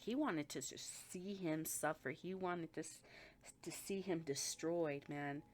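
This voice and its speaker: A woman's voice: sits low, unhurried, slight background noise. A woman giving a blunt, profane intuitive reading, talking emphatically as she reads the energy of the people involved. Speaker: spiritual reader.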